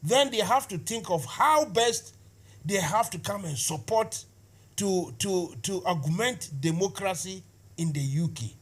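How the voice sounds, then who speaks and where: A man with a Ghanaian English accent explaining his views calmly on a video call, laughing things off. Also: high voice, measured pace. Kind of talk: online video call discussion.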